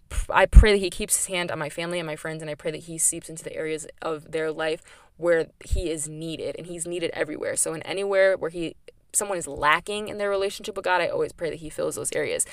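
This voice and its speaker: A young woman with a slightly low voice talks straight into a close mic. She is candid, chatty and emphatic, leaning on "like" as she goes. The sound is dry, with no room around her. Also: no echo. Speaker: podcast host. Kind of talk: personal faith podcast monologue.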